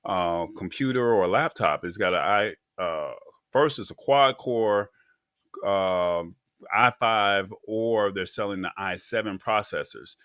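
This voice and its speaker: Deep-voiced man chatting about tech. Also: a little slow, a bit bright, smooth, no echo, studio quality. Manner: rambling, with frequent ums and restarts. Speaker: co-host. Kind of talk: casual tech talk show chat.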